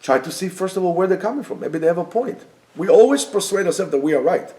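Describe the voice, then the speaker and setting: A man teaching a Torah class, earnest and swinging from emphatic to soft and calm. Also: sits high, fast. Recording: echoey room.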